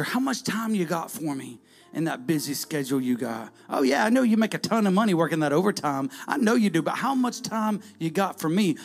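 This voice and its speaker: Gravelly preacher, high and animated. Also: male voice. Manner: animated, swings from loud calls to near-whispers. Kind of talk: sermon.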